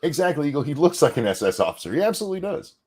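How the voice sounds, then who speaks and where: A man's voice: a little high, very fast, slightly rough. A middle-aged man co-hosting a live stream, reading donations and joking in a profane, rambling way. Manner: animated, profane, jokey, with restarts. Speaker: co-host of a live stream show.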